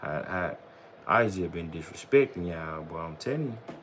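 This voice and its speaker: A man with a lowish voice talks loosely to his livestream viewers. He rambles in relaxed slang and drops "bro" and "you know what I'm saying" all the time. Faint ambient noise sits behind him. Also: moderate pace. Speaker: vlogger on a livestream. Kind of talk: casual livestream chat.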